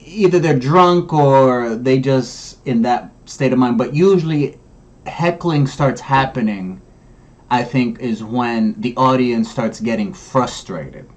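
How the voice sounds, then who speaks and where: A man with a mid-pitched voice talks through a comedy set in a wry, rambling way. He drags out his remarks as he critiques the act. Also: takes it slowly. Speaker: commentary host. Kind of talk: casual comedy commentary.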